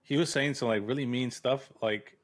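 A man hosting an interview, chatting casually in a relaxed, rambling way with lots of filler words. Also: medium pitch, normal speed. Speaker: host interviewer.

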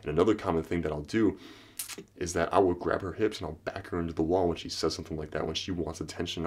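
A man's voice: deep voice, fairly even intonation, fast talker, husky. A man talking straight to camera as a dating coach, blunt and profane, slipping into acted lines to make his points. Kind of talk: direct-to-camera advice talk.

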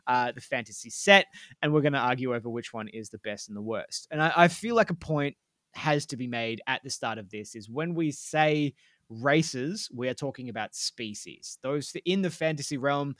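A man's voice: medium pitch, normal speed, fairly bright tone, no room sound, clean studio sound. Chatty man co-hosting a podcast. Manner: chatty, swears, lots of fillers. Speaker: podcast co-host. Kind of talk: casual chat.

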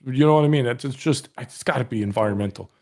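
A man's voice: mid-range voice, fast, a little mellow. A man with an Irish accent, a podcast guest telling long rambling stories in casual chat and laughing as he goes. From Ireland.

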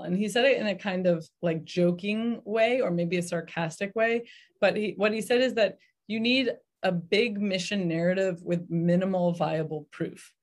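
A middle-aged woman investor talking through her advice in a podcast interview, thoughtful, with many fillers and restarts. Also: medium pitch. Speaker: venture investor guest.

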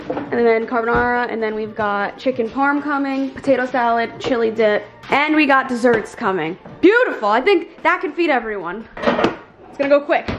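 A woman's voice: a little high, lively intonation, moderate pace, lo-fi sound. A woman hosting a party at her home and chatting to the camera for her vlog, laughing often. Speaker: vlogger hosting a birthday party. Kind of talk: casual vlog chat. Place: home, indoors.

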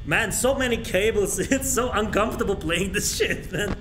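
A young man streaming a horror game, reacting excitably, swearing often and shouting when startled. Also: high voice, moderate pace, slight background noise.

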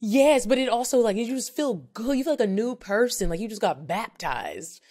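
A woman in her thirties, co-hosting a podcast, tells a story frankly and with animation, acting out both sides of the conversation. Her voice is on the high side and a little mellow, with lively intonation and normal speed, in a casual storytelling chat.

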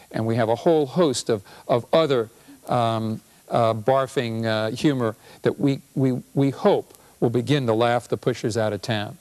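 Speaking in a medium pitch, a man who is both a doctor and a professor gives a funny public health talk with a lively, punchy delivery.

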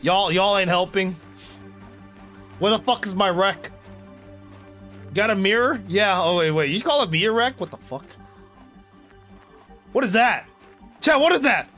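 A young male streamer with a high, bright voice, chatting loudly and crudely to his viewers over a desk mic. He rambles, swears and breaks into yells, with faint game music underneath. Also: measured pace, pauses often. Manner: loud, rambling and profane, bursts into yelling. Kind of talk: casual live-stream chat while gaming.

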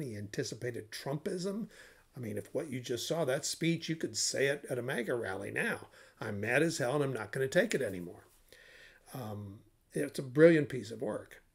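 An older man leads a screenwriting lesson in an easy, conversational way. His voice is gravelly and husky at a middle pitch. He tosses out rhetorical questions with enthusiasm. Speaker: screenwriting instructor. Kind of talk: casual teaching talk.

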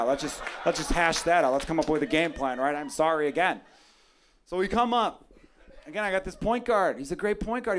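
A man performing a stand-up comedy set, telling profane stories and acting out loud quotes, on a club stage with a handheld mic. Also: a little high. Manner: profane, animated storytelling with loud acted-out quotes.

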